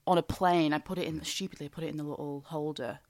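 A woman's voice: deep voice, fairly even intonation, fast talker, darkish tone, no room sound. A woman with an Oldham accent, a guest in a casual chat, telling self-mocking stories. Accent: Oldham, Northern English. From Oldham, England. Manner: chatty, self-mocking storyteller, swears.

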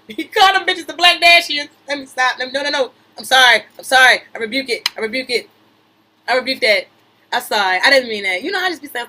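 High bright woman riffing on gossip. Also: rough recording. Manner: animated, keeps interrupting herself with "wait a minute"; reads news aloud then riffs with slang and laughter. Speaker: podcast host. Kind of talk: gossip commentary.

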